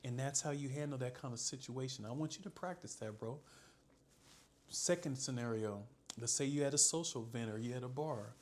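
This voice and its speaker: A man's voice: mid-range voice, a little fast, a little mellow. A man giving casual dating advice as a coach, laid-back and calling the listener bro.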